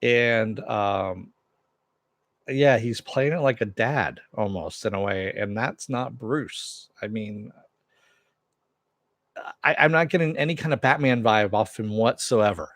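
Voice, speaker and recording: A man's voice: on the low side, slow, pauses often, fairly bright tone, no room sound. A man hosting a casual TV recap and review, blunt and rambling, with many restarts and fillers, answering live chat while wearing headphones. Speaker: show host.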